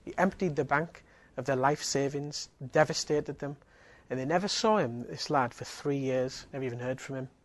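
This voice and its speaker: A man's voice: medium pitch, normal speed, few pauses. A man preaching a sermon, his voice sitting in an ordinary middle register. He speaks earnestly and emphatically. He hammers his points home through repetition.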